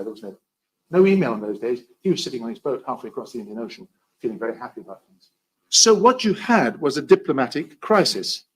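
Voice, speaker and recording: A man giving a storytelling history lecture, with dry, wry asides that swing between loud emphasis and quiet remarks. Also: medium pitch, a little hiss or hum, poor audio.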